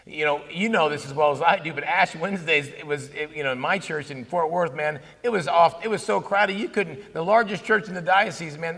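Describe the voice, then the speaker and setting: A man in his fifties giving a conversational, animated talk on Catholic faith at a conference, telling stories with asides. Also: fairly high pitch, gravelly. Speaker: conference speaker. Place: conference hall. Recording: long hall reverb.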